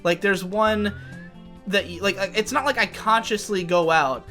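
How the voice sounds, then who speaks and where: A young man chats on a podcast while gaming, circling his point with lots of false starts. His voice sits a little high and rings bright and forceful. Faint game music plays behind him. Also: moderate pace. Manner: rambling, thinking aloud with many restarts. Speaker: podcast co-host. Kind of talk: casual chat while gaming.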